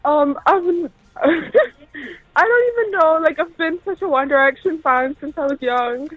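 A woman's voice: sits high, measured pace, no room sound, phone-quality sound, soft background music. A woman calling in to a radio show, giggly and overexcited. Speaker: caller. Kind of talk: phone-in chat.

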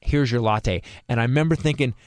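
A man who is a stand-up comedian, telling stories in a casual podcast chat, quick and profane, with frequent restarts. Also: medium pitch, no room sound, clean studio sound. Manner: fast, profane, animated storytelling with quick restarts.

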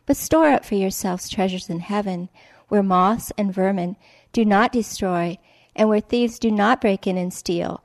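A woman giving a calm, scripted devotional reading, quoting scripture in a measured voice. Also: mid-range voice, no room sound. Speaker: devotional reader.

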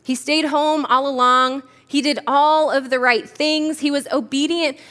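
A woman's voice: sits high, steady tone, a little slow, a bit bright. A young adult woman preaching a sermon, telling the story with energy and acting out the characters' voices. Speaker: pastor.

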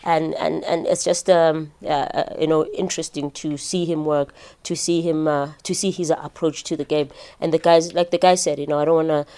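A South African woman with a low, even voice that stays mellow and dark. She answers interview questions haltingly, often restarting her sentences, as a staff member of a football club. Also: smooth.

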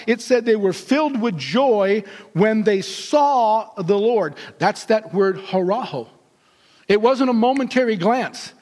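Male pastor, animated storyteller, pitched high, long hall reverb. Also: takes it slowly. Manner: animated, acts out characters' voices. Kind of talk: storytelling sermon.

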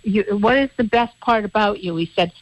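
A woman's voice: medium pitch, fairly quick, no echo. A woman co-hosting a local radio talk show, chatting in a rambling way and restarting her sentences as she goes. The recording is dry and a bit dull, like studio audio sent out over the radio. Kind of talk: casual radio chat.

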